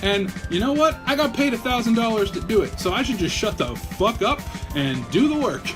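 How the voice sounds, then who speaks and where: Male vlog host, high voice, loopy and foul-mouthed, worn out, rambling comedic review. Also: very animated, normal speed, music in the background. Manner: profane, rambling, self-mocking and a bit loopy. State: tired from a marathon of viewing. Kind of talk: casual comedic rant to camera.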